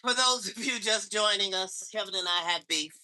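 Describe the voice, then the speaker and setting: Man, roast comedy set, insult punchlines, bright sharp tone, slightly high voice. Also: moderate pace, poor audio.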